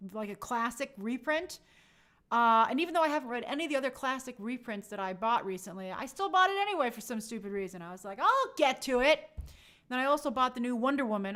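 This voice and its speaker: A woman's voice: fairly high pitch, fairly bright tone. A young woman hosting a casual livestream, chatting and answering viewer comments with a sarcastic edge. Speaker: host answering live chat.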